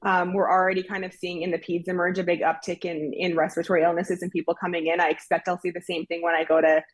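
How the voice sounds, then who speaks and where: Woman doctor talking quick, a bit husky, lowish voice, explaining stuff earnestly. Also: flat delivery. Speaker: doctor guest. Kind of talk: interview answers.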